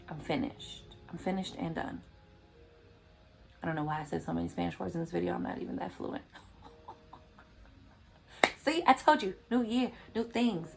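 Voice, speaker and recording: Woman vlogger, low-pitched, emphatic and preachy, faint music underneath. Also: gravelly, darkish tone. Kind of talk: motivational vlog commentary.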